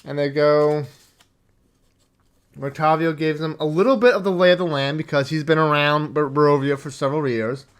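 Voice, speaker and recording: A man retells a tabletop session he ran as game master, rambling along and cursing freely. His voice sits a bit higher than most men's. He slips into quick impressions of his players and characters as he goes. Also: steady tone. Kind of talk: casual storytelling recap.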